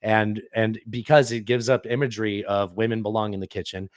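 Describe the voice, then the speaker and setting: A man's voice: fairly low pitch, level tone, brisk, dry recording, clean studio sound. A man hosting a casual political podcast, opinionated and explaining at length with frequent restarts. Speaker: podcast host.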